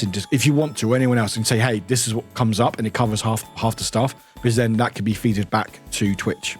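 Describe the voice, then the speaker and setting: A man chatting casually on a live stream. His talk rambles and his pitch swings widely, with offhand swearing and frequent laughter. Faint music sits behind him. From United Kingdom. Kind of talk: casual chat while gaming live.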